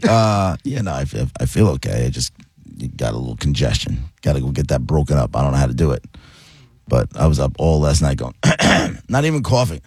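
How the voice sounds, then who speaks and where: A man co-hosting a radio show in casual banter, his voice congested from being sick, playfully slipping into a smooth put-on voice. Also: a bass voice, very animated, fairly quick, mellow, dry recording, soft background music.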